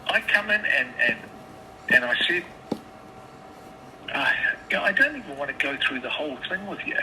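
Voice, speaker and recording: A man's voice: on the high side, lively intonation, moderate pace. A man on a phone call, swearing often and stammering through restarts as he tells his side. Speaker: caller. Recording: phone line with background noise.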